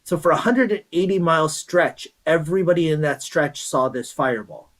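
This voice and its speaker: A man's voice: on the high side, normal speed, fairly bright tone, poor audio. Man, guest astronomy presenter; chatty, enthusiastic explainer and storyteller. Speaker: guest speaker at an astronomy event.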